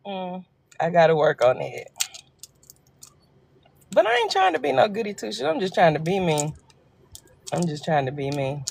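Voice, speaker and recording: A woman's voice: lowish voice, creaky. A woman from Arkansas with a Southern accent, chatting casually and joking with viewers on a phone livestream. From Arkansas, USA. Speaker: livestream host. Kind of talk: casual live chat.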